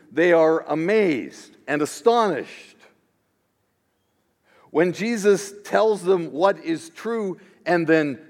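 A man, a pastor, preaching a sermon in an expressive style that swings between hushed asides and emphatic declarations. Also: on the high side. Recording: long reverb of a large hall.

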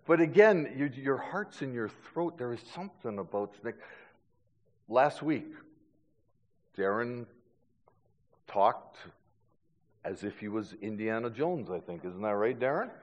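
Stammering pastor in a reverberant hall. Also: male voice, medium pitch, lively intonation, a little slow, pauses often. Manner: storytelling, self-deprecating humor, frequent stammered restarts. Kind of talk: sermon.

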